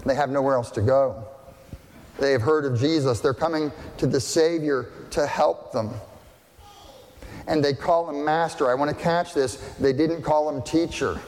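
A man's voice: on the high side, normal speed, darkish tone. Man preaching in a reverberant hall. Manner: conversational, emphatic, rhetorical questions. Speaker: pastor. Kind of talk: sermon.

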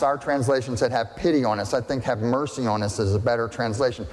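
A man's voice: medium pitch, fairly quick, hardly any pauses, a little mellow, long reverb tail, a little hiss or hum. A male pastor preaching a sermon in a conversational, emphatic way, asking rhetorical questions.

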